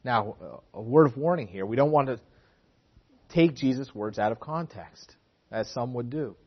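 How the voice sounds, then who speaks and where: Husky guy preaching a sermon, earnest, repeats himself for emphasis, muffled lo-fi audio. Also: medium pitch, lively intonation, normal speed.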